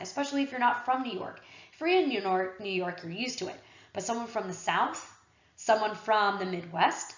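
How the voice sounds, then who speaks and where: A woman teaching a history lesson in a casual, chatty lecturing manner with frequent fillers. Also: on the high side. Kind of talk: classroom lecture. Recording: roomy, slightly dull recording.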